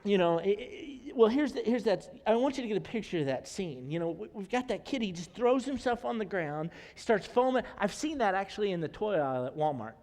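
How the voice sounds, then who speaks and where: A man's voice: high-pitched, lively intonation, brisk, hardly any pauses, darkish tone, in a large hall. A male pastor giving a conversational sermon in a church, mixing preaching with humorous asides. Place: church sanctuary.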